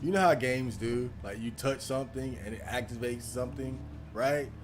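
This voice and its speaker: A man talking over a game he plays, animated and profane, laughing through his reactions. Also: mid-range voice, normal speed, music in the background. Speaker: gaming channel host. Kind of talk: let's play commentary.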